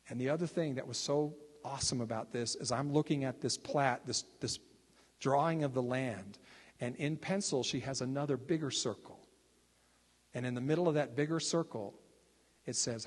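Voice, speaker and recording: Man, minister, husky voice, conversational testimony, acts out quotes, long hall reverb. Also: a little high, moderate pace. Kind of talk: sermon testimony storytelling.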